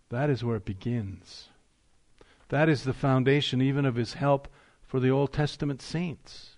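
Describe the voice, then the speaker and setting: Male pastor, mid-pitched, preaching with emphatic rises and deliberate slowdowns. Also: darkish tone. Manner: emphatic preaching, rising on key phrases, slowing for weight. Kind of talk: sermon.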